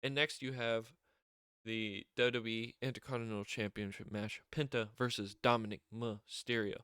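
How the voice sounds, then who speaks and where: Excitable man rambling through a recap. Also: medium pitch, moderate pace, clear, resonant tone, dry recording, clean studio sound. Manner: excitable, rambling, laughs often, many fillers and restarts. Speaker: wrestling show reviewer. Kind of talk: casual solo recap.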